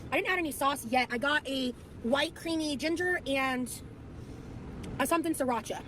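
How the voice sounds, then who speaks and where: A woman's voice: high-pitched, normal speed. A tired young woman vlogging in casual, rambling chat with lots of fillers, played back from her video. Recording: vlog audio with clear background noise.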